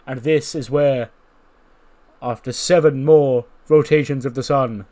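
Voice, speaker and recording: A man voicing a grandiose male wrestler who narrates a creepy tour in a slow, theatrical, pompous way. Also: medium pitch, steady tone, darkish tone, natural voice.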